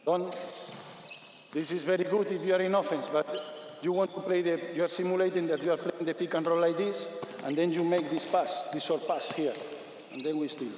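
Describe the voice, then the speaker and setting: Male coach, energetic drill commands, faint ball bounces under roomy arena reverb. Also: on the high side, brisk, a little hiss or hum. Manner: energetic, repetitive commands, non-native English. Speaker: basketball coach. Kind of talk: on-court coaching demonstration. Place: large sports arena. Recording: echoey arena from a distance.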